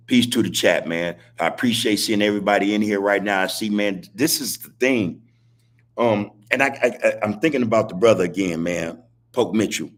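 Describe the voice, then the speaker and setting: A man hosting a live-stream podcast, preaching in casual street talk and repeating his points, with a husky voice. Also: sits low, a little fast. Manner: preachy, repetitive street talk, laughs as he speaks. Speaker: podcast host.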